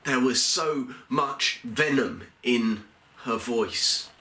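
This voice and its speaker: An actor playing a remorseful, fearful fisherman disciple in an earnest first-person church monologue, told with halting, heavy pauses. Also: medium pitch, sharp tone, reverberant, exaggerated voice.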